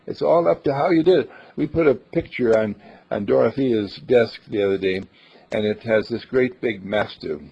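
An older man delivers a homespun sermon built from everyday stories, earnest and plainspoken with small hesitations. His voice is husky and gravelly. The recording has a dull, lo-fi sound. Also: mid-range voice, moderate pace. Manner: folksy and earnest, hesitant with uhs, acts out quoted voices.

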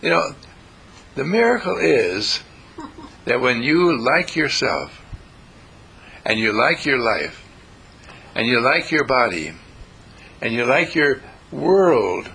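Gravelly, lively spiritual speaker man. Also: a little high, rough recording. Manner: folksy, repetitive, chuckling preacher. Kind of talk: inspirational spiritual talk.

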